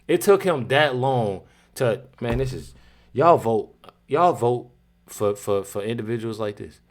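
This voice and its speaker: A man's voice: medium pitch, lively intonation, measured pace. A man hosting a reaction video, talking in a casual, slangy, repetitive way and sometimes laughing in disbelief.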